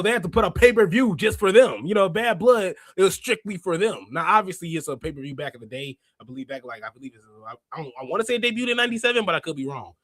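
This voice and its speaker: A man hosting a wrestling review podcast, chatting casually and slangily, reading out chat comments and bursting into laughs and shouts. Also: high voice, dry recording. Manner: excitable, laughs often and breaks into shouts; slangy, talks straight to chat readers. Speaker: podcast host.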